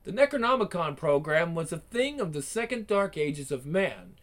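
A man's voice: a little high, sing-song, moderate pace, fairly bright tone. A man voicing a small, pedantic know-it-all robot in a one-man game fan dub. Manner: pedantic, reciting definitions.

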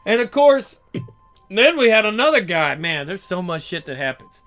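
A young man with a high, forceful, bright voice tells his stories in a loose, profane way. He slips into the other people's lines as he goes. Soft music plays faintly behind him. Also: sing-song, moderate pace. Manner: profane, acts out quoted dialogue. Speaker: storyteller. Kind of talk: casual storytelling.

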